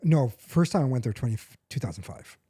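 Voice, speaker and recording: A man in his forties talks in a relaxed podcast chat, his voice mellow and dark. He rambles, backtracks to correct himself and laughs easily, recorded close and dry. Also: mid-range voice, a little fast, husky, no echo. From United States. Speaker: podcast co-host. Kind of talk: casual chat.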